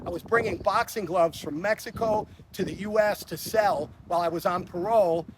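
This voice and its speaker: A man's voice: high-pitched, moderate pace, background noise. A man, telling stories in a casual interview, blunt and profane, often stammering and restarting his sentences. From Chicago. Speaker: interview guest.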